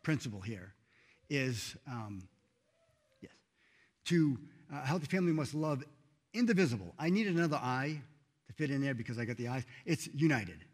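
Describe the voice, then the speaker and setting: A man preaching a sermon in a church, earnest and emphatic, rising loud then dropping soft. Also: medium pitch, sing-song, normal speed, long pauses. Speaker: pastor.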